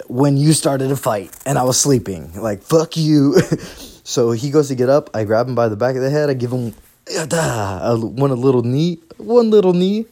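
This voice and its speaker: Young male podcast host, mid pitch, casual and profane, rambling storyteller. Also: a little mellow. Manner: profane, rambling, laughs through his stories.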